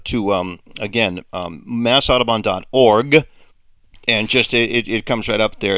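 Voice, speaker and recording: Deep-voiced New radio host. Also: male voice, pushed and bright, smooth, no room sound, studio quality. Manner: halting, many fillers and restarts. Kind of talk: casual radio talk and announcements.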